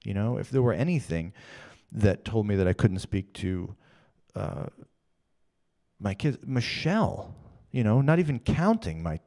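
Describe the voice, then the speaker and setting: A man with a deep, gravelly, dark voice tells a personal story in a loose monologue. He rambles and circles back on his words, his feeling showing through. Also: sing-song, unhurried. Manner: rambling, repeats himself, emotional.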